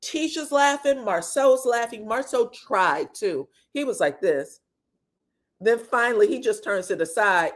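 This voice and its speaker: A woman's voice: a little high, expressive, measured pace. A woman hosting a casual reality TV gossip recap. She tells the story with animation, acts out what each cast member said, laughs often and swears freely.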